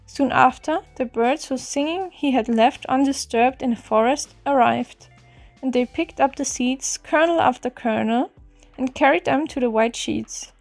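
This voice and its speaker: High-voiced woman reading a fairy tale. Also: measured pace. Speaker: storyteller. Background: faint music.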